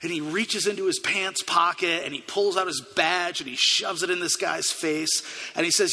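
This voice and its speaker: A man's voice: sits high, fairly even intonation, normal speed, pushed and bright. A male pastor giving a sermon in a church, telling stories in an earnest, conversational way. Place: church sanctuary. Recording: long hall reverb.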